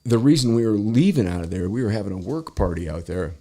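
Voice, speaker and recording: Guy with a real low voice swearing his way thru a work story on a podcast, doing the voices. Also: fast. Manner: profane, animated, acts out quoted people. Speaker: podcast host. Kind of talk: casual storytelling chat.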